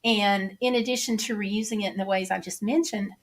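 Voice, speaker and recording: A woman's voice: medium pitch, fairly even intonation, brisk. A middle-aged woman with a Southern accent hosting a casual livestream, chatting and reading viewer comments aloud. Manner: chatty, reads comments aloud and answers them.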